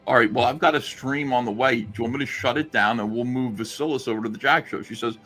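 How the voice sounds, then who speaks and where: A man's voice: mid-range voice, fast talker, few pauses, a bit bright, faint music behind. A man on a livestream telling a story in a rambling, sarcastic way and acting out the lines he quotes. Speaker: streamer recounting a story.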